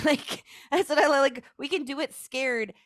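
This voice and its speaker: A woman's voice: high voice, normal speed, no room sound, studio quality. A woman guest on a podcast sharing personal stories in an earnest, heartfelt way, with many "like" fillers. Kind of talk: emotional personal storytelling.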